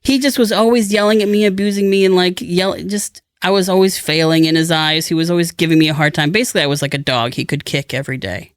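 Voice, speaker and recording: A man's voice: high-pitched, steady tone, quick pace, hardly any pauses, clear, resonant tone, no echo, clean studio sound. A middle-aged man co-hosting a casual podcast, telling a long rambling anecdote and acting out the people in it. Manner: rambling storyteller who acts out quoted people. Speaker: podcast co-host. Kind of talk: casual chat.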